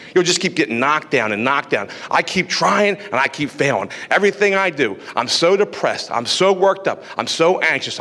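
Animated male preacher in a reverberant hall. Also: fairly high pitch. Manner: animated preaching, acts out inner voices. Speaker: pastor. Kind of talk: sermon.

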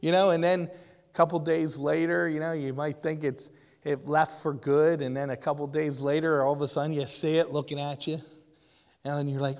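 A man's voice: on the high side, little pitch movement, normal speed. A man preaching a sermon, addressing his congregation directly and rising to impassioned cries. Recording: long reverb of a large hall.

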